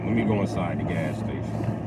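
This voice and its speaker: A man's voice: low voice, brisk, heavy background noise. A man vlogging a blunt, profane rant from his car. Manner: blunt, crude, emphatic. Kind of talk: profane ranting monologue.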